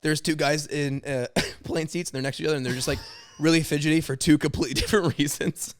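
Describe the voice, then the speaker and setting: A man's voice: fairly high pitch, steady tone, fast. A young man, a stand-up comedian and podcast co-host, in casual chat, often laughing as he retells his own jokes.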